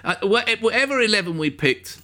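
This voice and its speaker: A man's voice: sits high, animated, brisk, sharp tone. A middle-aged man hosting a casual football chat, rambling through his points with many restarts. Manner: rambling, full of fillers and restarts.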